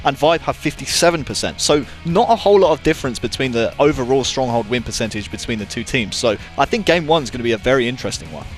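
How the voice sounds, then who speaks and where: A man's voice: mid-range voice, expressive, fast talker, few pauses, faint music behind. A man doing analytical esports commentary, talking through team history and stats.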